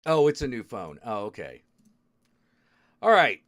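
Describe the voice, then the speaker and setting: A male streamer talking casually to his viewers, grumbling and cursing as his phone apps misbehave. His voice swings widely in pitch, dropping to low mutters and jumping up in sudden outbursts. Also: wildly swooping pitch, measured pace, a bit bright. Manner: frustrated muttering, swearing at tech. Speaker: streamer host. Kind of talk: casual live-stream chat.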